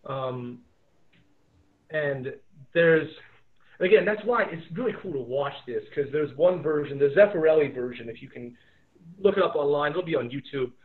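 A male teacher talks through a remote lesson in a loose, rambling way, pausing for plenty of ums. The sound is thin and phone-like, as if heard over a call. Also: fairly high pitch. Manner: relaxed, rambling, many fillers. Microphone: video call. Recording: tinny phone-like audio.

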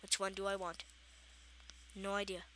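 A gaming channel host talks to herself while playing her survival game in a casual Minecraft let's play, chatty and playfully exasperated. Her voice sits at medium pitch with little pitch movement, a moderate pace, and a fairly bright tone.

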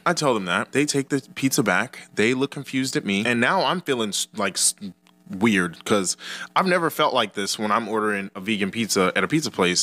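A man's voice: lowish voice, sharp tone. A young man telling a casual, rambling story with profane, exasperated asides, as a storytime YouTuber.

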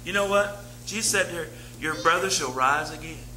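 A man's voice: a little high, a little fast, sharp tone, roomy sound, slight background noise, poor audio. A man preaching a sermon as pastor, talking in a conversational way, repeating key phrases and reading scripture aloud. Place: church sanctuary.

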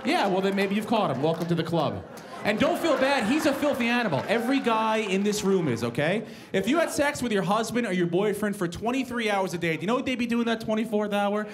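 Profane, exasperated stand-up comedian. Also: male voice, high-pitched, very animated, a little fast. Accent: New York. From New York. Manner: profane, exasperated ranting with acted-out dialogue. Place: comedy club stage before a live audience. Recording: live club recording with crowd and room noise.

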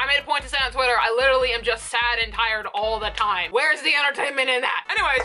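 A woman's voice: sits high, pushed and bright. A young woman talking casually to camera for her vlog, rambling and self-deprecating with frequent laughs. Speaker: YouTuber.

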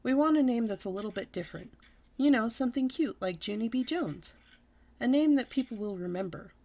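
A woman's voice: fairly high pitch, animated, fairly quick. A woman voicing a patient pregnant mother who speaks soothingly but firmly to her daughter in a read-aloud storybook. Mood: gentle, patient. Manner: soothing, gently firm.

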